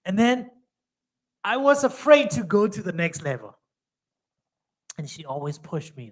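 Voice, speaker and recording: Burmese-accented pastor telling stories. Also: male voice, high voice, big pitch swings, unhurried, pauses often. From Myanmar. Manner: chatty storyteller acting out dialogue in second-language English. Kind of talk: storytelling Bible study talk.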